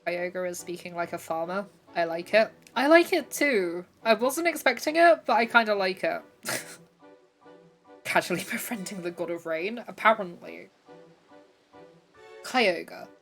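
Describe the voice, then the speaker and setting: A woman's voice: mid-range voice, lively intonation, a little slow, long pauses, fairly bright tone, soft background music, rough recording. Giggly young woman streaming a cozy game. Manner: giggly, bubbly, self-deprecating. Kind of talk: casual live game-streaming chat.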